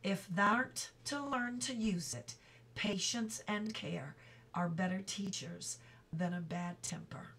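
A woman voicing a calm, patient old monk carpenter who speaks quietly in old-fashioned thee-and-thou speech. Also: mid-range voice, slow, breathy edge, exaggerated voice. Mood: gently reproving.

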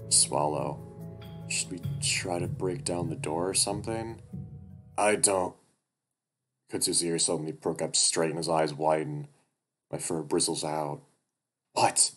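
A man narrating a first-person story aloud in a quiet, steady way. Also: extremely low pitch.

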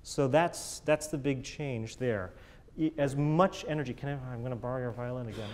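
A man's voice: mid-range voice, moderate pace. A man teaching a chamber music master class, encouraging the players and singing phrases in scat syllables. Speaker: bass teacher coaching a chamber group.

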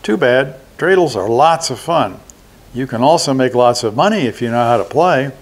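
A man's voice: medium pitch, expressive, moderate pace, natural voice. An older man reading aloud gives voice to a clever, self-assured young hero who talks his way past goblins. The tone is bold and teasing, a little above the reader's own voice. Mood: coaxing.

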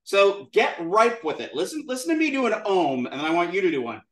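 A man with a high, animated voice leads a class, sounding out syllables for students to repeat. The room rings with a roomy echo. His delivery is demonstrative and lively. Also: fairly quick, far from the mic. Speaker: Sanskrit teacher. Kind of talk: classroom lesson with call-and-response.

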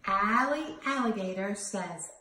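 A woman teaching young children a phonics lesson in a slow, sing-song teacherly way, sounding out letters. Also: mid-range voice, lively intonation, bright, forceful tone, faint music behind. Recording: roomy home recording from a distance.

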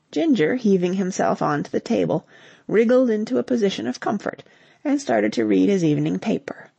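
A woman reads a novel aloud in a measured, expressive narration. Her voice is husky with a gravelly edge and moves lively in pitch. The recording is dry and close, with no room sound. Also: no room sound. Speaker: audiobook narrator. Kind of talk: scripted narration.

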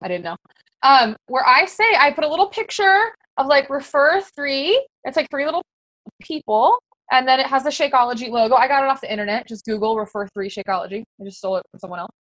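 A woman's voice: high voice, animated, a little fast, fairly bright tone, dry recording, low-quality recording. A woman coaching fellow fitness coaches in a casual, very conversational way, full of fillers. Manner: very conversational, chatty with many fillers.

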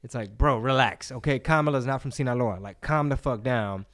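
A man hosting a casual podcast, talking in an animated, profane, slang-heavy way. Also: medium pitch, fairly quick. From Texas. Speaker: podcast host.

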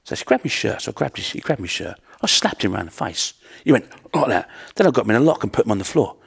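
A man's voice: on the low side, big pitch swings, fast talker, creaky, husky. A middle-aged man, a martial arts instructor giving an earnest, plain-spoken storytelling talk. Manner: earnest, plain-spoken, with repeated rhetorical questions.

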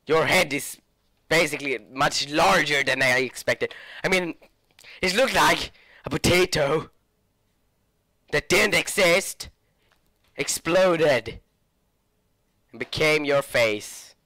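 A man's voice: fairly high pitch, takes it slowly, pauses often, sharp tone, dry recording, clean studio sound. A young man with a sore throat, rambling through a joking let's play commentary. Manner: rambling, joking asides, self-interrupting. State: sore throat, a bit sick. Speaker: gaming channel host. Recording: game music playing behind.

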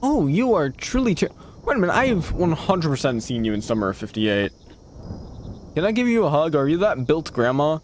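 A man with a somewhat high voice streams a horror game over slight background noise. He reacts to the scares, swears at the game, and talks back to whatever appears on screen, giving let's play commentary.

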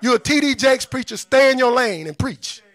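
A man's voice: extremely high pitch, animated, moderate pace, a bit bright, no room sound. A man giving an impassioned talk to an audience, blunt and scornful, firing off rhetorical questions in a preacherly cadence. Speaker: speaker on liberation.

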